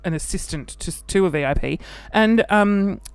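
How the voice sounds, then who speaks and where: Clean in tone and dry in recording, the voice sits high and belongs to an Australian man hosting his own show. His casual podcast chat is animated and camp, with laughter and quick mock voices.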